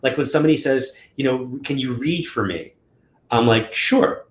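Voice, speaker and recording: A psychic medium appears as a guest in an interview, telling stories casually and acting out quotes in a raised, animated voice. He speaks at medium pitch and normal speed. The recording has a roomy echo and a little hiss or hum.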